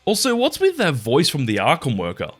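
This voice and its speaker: Fast, animated man reviewing episodes. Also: fairly high pitch, breathy edge, no room sound, soft background music. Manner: chatty and opinionated, with mild swearing. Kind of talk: casual commentary ranking episodes.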